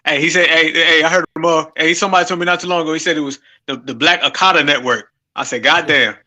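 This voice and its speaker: Man, guest on a podcast, laid-back, slangy, very bright sharp voice. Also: fairly high pitch, steady tone, fast talker. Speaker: guest YouTuber. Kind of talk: casual podcast chat.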